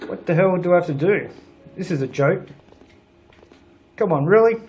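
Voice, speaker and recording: Young male let's-player, slightly high voice, sweary and sarcastic, home desk mic. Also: lively intonation, normal speed, a little mellow, soft background music. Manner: swears a lot, grumbling and sarcastic. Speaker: gaming channel host. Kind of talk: let's play commentary.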